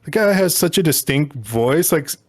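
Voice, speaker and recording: A young adult man co-hosting a podcast in easygoing casual chat. He deliberately keeps his voice soft and restrained. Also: a little high, animated, no echo, studio quality. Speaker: podcast co-host.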